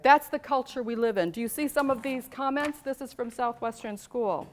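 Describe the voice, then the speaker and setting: A woman giving an animated storytelling talk to an audience about teaching teenagers, asking questions and rising to emphatic peaks. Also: on the high side, moderate pace. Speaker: abstinence educator speaking to a church group.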